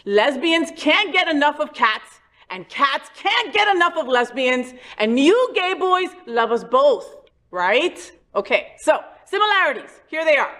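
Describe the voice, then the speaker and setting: A woman hosting a talk show, talking in a casual, animated and playful way with lots of emphasis. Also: high voice, unhurried. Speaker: host.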